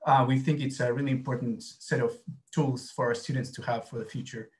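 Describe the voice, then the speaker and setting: A man from Argentina with an Argentine accent, a native Spanish speaker, presenting at an academic conference over a video call, halting with many restarts and fillers. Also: medium pitch, fairly even intonation. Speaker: university program officer presenting.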